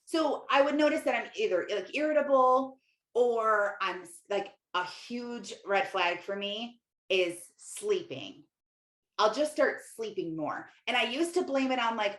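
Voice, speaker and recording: A woman's voice: medium pitch, lively intonation, moderate pace, fairly bright tone. A middle-aged woman hosting a podcast as a Christian life coach, talking in a chatty, rambling way with lots of fillers. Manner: chatty, rambling, many fillers and self-quotes. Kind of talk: casual confessional monologue. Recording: roomy echo.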